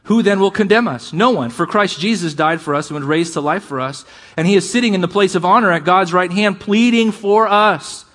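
High-voiced man preaching with passion. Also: a bit bright. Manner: impassioned preaching with conversational asides; reads scripture aloud with drawn-out emphasis. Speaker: pastor. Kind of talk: sermon.

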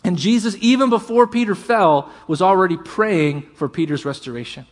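A pastor preaching a sermon, earnest and emphatic, often dropping to a hush. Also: male voice, sits high, animated, moderate pace.

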